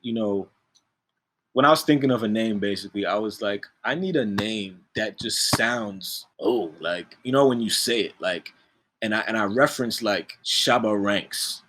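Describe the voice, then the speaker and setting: A man, a music producer, talking in a relaxed, slangy way as an interview guest, laughing often. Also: on the low side, moderate pace, a little hiss or hum. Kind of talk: casual interview chat.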